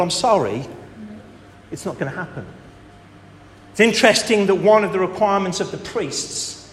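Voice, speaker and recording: A man preaching a sermon with emphatic delivery, rhetorical questions and dramatic pauses, in a church hall. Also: high voice, a bit bright, a little hiss or hum. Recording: echoey hall with faint ambience.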